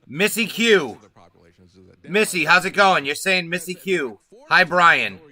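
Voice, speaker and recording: A man's voice: high-pitched, animated, takes it slowly, bright, forceful tone, rough recording. Nervous swearing male livestream host. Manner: nervous, swearing, rambling to chat. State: anxious. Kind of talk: casual livestream chat.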